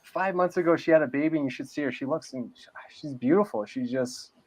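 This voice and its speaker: A man's voice: a little high, brisk. A man from New England chatting casually as a podcast guest, laid-back and saying "man" and "dude" a lot. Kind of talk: casual interview chat. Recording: dull lo-fi sound.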